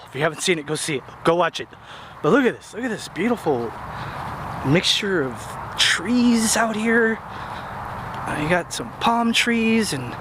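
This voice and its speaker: A man vlogging as he walks through a city park, chatty and excited, rambling as he films on a handheld camera. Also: high voice, background noise. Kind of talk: casual walking tour narration.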